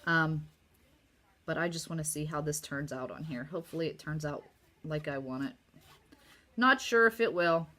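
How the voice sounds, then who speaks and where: Bright-voiced chatty woman with a sore throat. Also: sits low, moderate pace, pauses often. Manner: chatty, upbeat, talking straight to viewers. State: sore throat, slightly losing her voice. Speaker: craft designer demonstrating card making. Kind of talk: casual craft tutorial. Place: home craft table.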